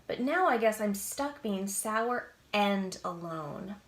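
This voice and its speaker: A woman's voice: medium pitch, expressive, slow pace, roomy sound, voice pushed down. A woman voicing Mister Caper, a lonely, apologetic storybook caper who feels sour and unloved. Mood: glum. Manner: glum and apologetic.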